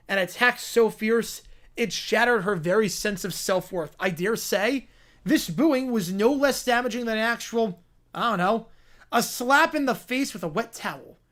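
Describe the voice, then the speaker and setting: A man reading as Lionel Hutz, grandiose lawyer. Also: high-pitched. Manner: grandiose, mock-dramatic courtroom speech read aloud. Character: bombastic sleazy male lawyer pleading to a jury.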